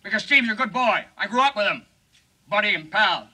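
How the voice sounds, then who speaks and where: A man in a 1950s film comedy putting on a shifty male campaign pitchman with glib, folksy patter. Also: expressive, a little fast, sharp tone, exaggerated voice, rough recording. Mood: pleading. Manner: glib, folksy, over-earnest sales patter.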